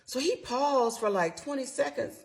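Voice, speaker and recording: A woman's voice: high voice, normal speed, vocal fry. A middle-aged woman telling a personal story in a casual storytime monologue, candid and emphatic with salty slang, talking straight to her listeners. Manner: addresses listeners directly.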